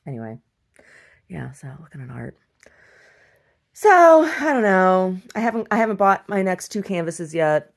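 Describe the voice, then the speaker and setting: A middle-aged woman in a casual chat, laughing between lines and telling cheeky stories. Her voice rises and falls a lot, and she slips into high, cooing baby-talk with her pet. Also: sing-song, unhurried, gravelly, pauses often. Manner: bawdy, giggly, talks baby-talk to her dog. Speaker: vlogger.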